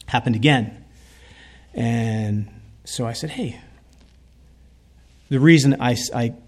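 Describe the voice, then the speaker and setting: A man telling a heartfelt story in a sermon, speaking earnestly as a preacher. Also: medium pitch.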